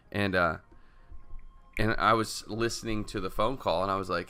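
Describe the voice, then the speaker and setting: A man co-hosting a podcast, telling stories in lively casual chat, laughing loudly and swearing freely. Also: lowish voice, moderate pace, smooth. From Texas. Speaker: podcast co-host.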